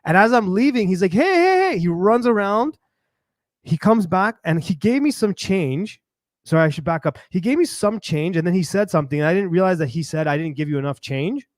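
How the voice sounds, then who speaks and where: Guy rambling through a story, high voice, dry sound. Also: brisk, no room sound. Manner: lively, rambling, acts out voices of people he met. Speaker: podcast host. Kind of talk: animated storytelling monologue.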